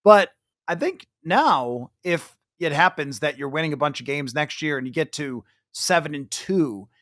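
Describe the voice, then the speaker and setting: A man's voice: a little high, lively intonation, moderate pace, a bit bright, no echo, clean studio sound. A man hosting a casual sports podcast, talking animatedly and slipping into mock voices when he quotes fans. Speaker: podcast host.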